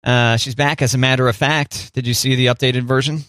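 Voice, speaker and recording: A man's voice: medium pitch, fairly even intonation, brisk, a bit bright, clean tone, no echo. Joking man on a dry close mic. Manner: joking, playful. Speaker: podcast co-host. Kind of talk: casual chat.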